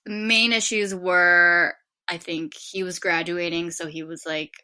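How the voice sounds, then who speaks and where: Bright-voiced young woman telling a story. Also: fairly low pitch, level tone, measured pace, clear, resonant tone. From San Diego, California. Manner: chatty, heavy on filler "like". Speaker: podcast guest. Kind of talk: casual storytelling.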